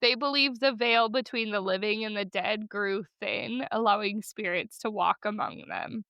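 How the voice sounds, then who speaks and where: A woman's voice: medium pitch, normal speed, sharp tone, smooth, no room sound. A woman co-hosting a podcast in casual chat, chatty and enthusiastic, laughing easily. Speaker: podcast co-host.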